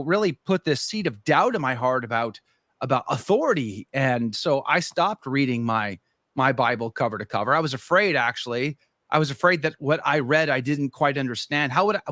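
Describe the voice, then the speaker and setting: A man's voice: a little high, a bit bright, dry recording. A middle-aged man, a podcast guest, animatedly telling his conversion story in casual conversation and acting out his own past thoughts.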